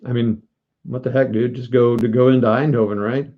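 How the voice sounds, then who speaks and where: A man's voice: mid-range voice, steady tone, fairly quick, narrow, tinny audio. A man streaming a board wargame live, joking, mocking himself and talking to his viewers. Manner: joking, self-mocking, talks to chat. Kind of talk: casual live-stream commentary.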